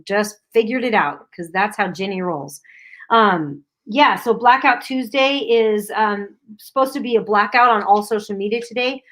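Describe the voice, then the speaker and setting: A woman's voice: mid-range voice, moderate pace, fairly bright tone. A middle-aged woman co-hosting a casual livestream, reading viewer comments aloud and chatting with lots of fillers. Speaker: livestream co-host.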